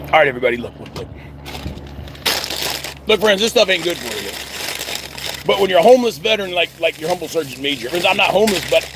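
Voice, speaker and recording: A man's voice: fairly high pitch, background noise. A middle-aged man, vlogging outdoors in a rambling, stammering way and calling his viewers "friends" again and again. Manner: repeats 'friends' constantly, stammering restarts. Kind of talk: rambling personal vlog. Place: outdoors at a cemetery.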